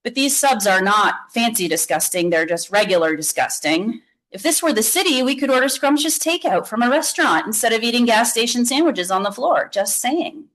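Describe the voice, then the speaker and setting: A woman reading a children's book aloud to an audience, with lively, expressive storytelling. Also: a little high, moderate pace, rough recording. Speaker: author reading.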